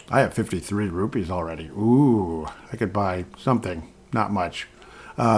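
A man with a slightly low voice, giving casual let's-play commentary into a desk mic. He rambles, makes asides and pokes fun at himself as he plays. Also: darkish tone. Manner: rambling and self-deprecating, with frequent laughs and asides. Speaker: gameplay commentator.

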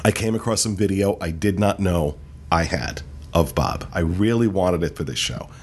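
A man hosting a casual podcast, reading out park news in a relaxed way with many fillers. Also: low voice, moderate pace, a little hiss or hum. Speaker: podcast host. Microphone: studio mic.

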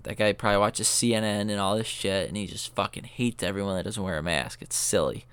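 Brief: young male podcast host, low voice, smooth and resonant, rambling and profane. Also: brisk, fairly bright tone, no echo. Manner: loose, profane, filler-heavy talk. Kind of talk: casual rambling storytelling.

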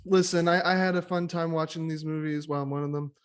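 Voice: mid-range voice, fairly even intonation, fast talker, clean tone. A podcast co-host in casual chat, jokey and a little apologetic.

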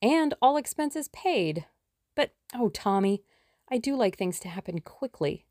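A woman voicing a lively, impatient young woman sleuth in an audiobook, brisk and plucky. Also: on the high side, dry recording, clean studio sound, voice pushed up. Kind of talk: audiobook character reading.

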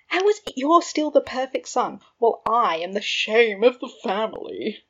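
A woman's voice: a little high, sing-song, moderate pace, fairly bright tone, husky, exaggerated voice. A woman reading a fan fiction audiobook, voicing a blunt, brash young wizard rebel. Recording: dull lo-fi recording.

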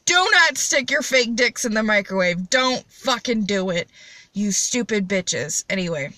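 A young woman hosting a casual solo chat, high and rambling with blunt, profane jokes. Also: lively intonation, a little slow, pushed and bright, no echo. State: high on cannabis. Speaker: podcast host.

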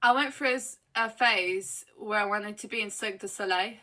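A woman's voice: medium pitch, moderate pace, sharp tone. A young woman co-hosting a podcast, teasing and laughing as she chats. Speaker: podcast co-host. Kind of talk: casual chat.

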